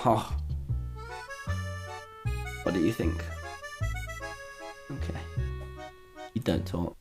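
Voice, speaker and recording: A man's voice: lowish voice, lively intonation, a little slow, pauses often, a little mellow, soft background music. A young man from England telling a casual storytime vlog, rambling and swearing, laughing between many restarts. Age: young adult. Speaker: vlogger.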